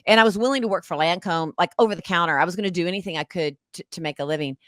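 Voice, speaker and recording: A woman, an actress and author, telling an emotional story as an interview guest in an animated, dramatic way. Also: fairly low pitch, racing, no echo. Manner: animated, dramatic, acts out past conversations.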